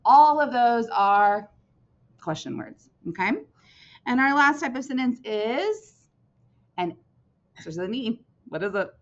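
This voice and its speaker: Teaching young children, a woman uses a lively, sing-song voice, a little high, that swoops up and down. She keeps stopping to ask "right?" or "okay?" in a dull, lo-fi recording.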